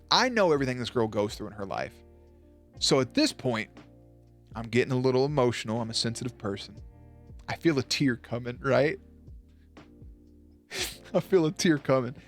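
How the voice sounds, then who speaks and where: On a live stream, a man with a mid-range, slightly bright voice tells a story casually and profanely, laughing at his own punchlines.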